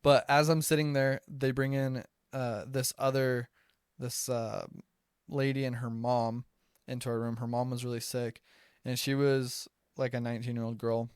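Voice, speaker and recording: On a close-miked podcast, a young adult from the United States rambles through casual stories, dropping "like" and other fillers constantly. He speaks at normal speed in a smooth, level, medium-pitched voice, with clean studio audio and no echo.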